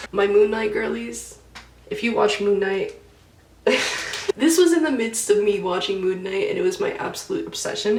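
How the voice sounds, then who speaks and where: A young woman talks through her makeup routine in a loose, giggly, filler-heavy way. Her voice carries a gravelly fry. She sits back from the mic in a roomy, echoey space with a faint hiss underneath. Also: mid-range voice. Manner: chatty, giggly, lots of "like". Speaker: beauty vlogger. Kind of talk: casual get-ready-with-me chat. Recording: echoey room, mic a bit far off.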